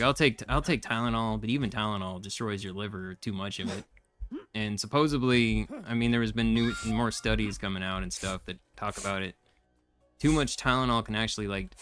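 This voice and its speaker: A man's voice: fairly low pitch, fairly bright tone. A young man streaming a game, chatting casually and venting in a rambling, frustrated way with lots of fillers. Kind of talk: casual live-stream chat while gaming.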